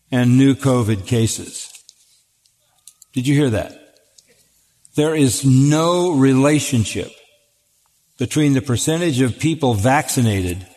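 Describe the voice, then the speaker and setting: An older man preaches at a middle pitch, earnest and emphatic, often stumbling over and repeating the first words of a sentence. His voice carries a long reverb from a large hall. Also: a little mellow. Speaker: pastor answering questions. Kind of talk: sermon-style Q&A talk. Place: church auditorium.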